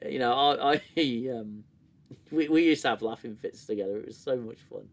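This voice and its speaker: A man's voice: mid-range voice, normal speed. A man hosting a casual review livestream, talking in a rambling, candid way, swearing often and laughing easily.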